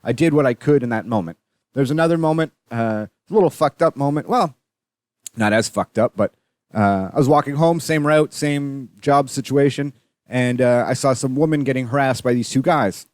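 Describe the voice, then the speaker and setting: A young Canadian man hosts a podcast, spinning stories in a casual, rambling, profane monologue that gets animated whenever he retells something. His voice sits at medium pitch and moves at a moderate pace. The recording is studio quality with no room sound.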